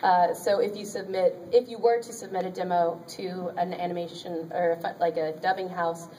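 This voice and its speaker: This woman's voice is lowish and dark, with a steady tone and a moderate pace. She is a voice actor on a convention panel, sharing chatty, upbeat career advice, often pausing on ums and laughing softly. The recording comes from far back in a convention panel room with an audience and has a bit of hiss or hum.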